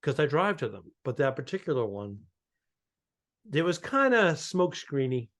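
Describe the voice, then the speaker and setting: A man, a stand-up comedian, chatting on a podcast and telling animated road stories with quoted voices. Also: fairly high pitch, normal speed. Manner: animated storyteller, acts out quotes. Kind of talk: casual chat.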